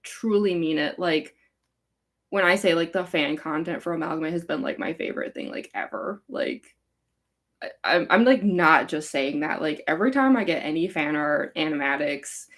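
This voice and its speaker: A woman's voice: sits low, lively intonation, normal speed, a bit bright. A young woman from Chicago with a California-sounding accent, chatting casually on a live Q&A with a rambling, giggly valley-girl manner full of likes and ums. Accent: California-sounding American. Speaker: fanfic author hosting a live Q&A. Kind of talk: casual livestream chat.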